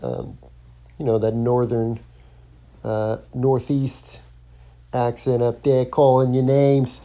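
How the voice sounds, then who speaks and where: A man talks on his own podcast in a loose, rambling monologue, full of fillers and false starts. His voice sits dark and mellow, with a gravelly edge at the bottom. The delivery stays casual and unscripted. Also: medium pitch, level tone, slow. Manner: rambling, lots of ums and restarts. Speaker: podcast host, stand-up comic.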